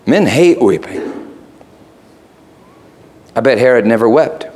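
A man's voice: mid-range voice, lively intonation, slow pace, a little mellow, a little hiss or hum. Conversational male preacher. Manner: conversational, rising to emphatic peaks. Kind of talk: sermon.

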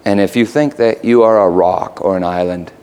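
A man's voice: low-pitched, normal speed, a little mellow, smooth. A man preaching a sermon in a conversational way that rises to emphatic peaks.

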